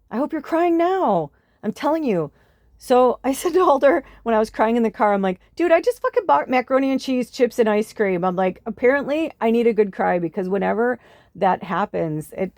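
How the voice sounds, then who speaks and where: A woman's voice: medium pitch, a little mellow, no room sound, studio quality. A woman hosting a spiritual podcast, talking in a rambling, impassioned monologue full of fillers and swearing.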